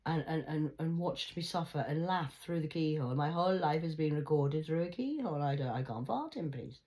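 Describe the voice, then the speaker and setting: Low-voiced woman ranting. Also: expressive, brisk, dark tone. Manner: rambling, profane, rhetorical questions. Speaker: vlogger. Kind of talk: rambling monologue to viewers.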